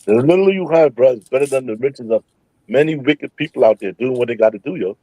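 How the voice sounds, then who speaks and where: A man's voice: mid-range voice, lively intonation, fairly quick, mellow, dry recording, rough recording. A man in casual religious talk who makes his points with emphasis and urges the listener on. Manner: emphatic, exhortative.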